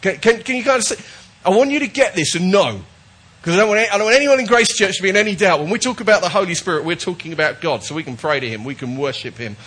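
Male pastor, sermon delivery, fairly high pitch, emphatic with frequent restarts. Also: lively intonation, fast, hardly any pauses, a bit bright, husky. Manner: emphatic, repetitive, with false starts.

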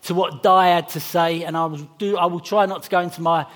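English pastor guy, high-ish voice, chatty carol service sermon, slows down reading the bible bits. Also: fairly even intonation, fairly bright tone. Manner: chatty and jokey, slowing for scripture reading. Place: church hall before a congregation.

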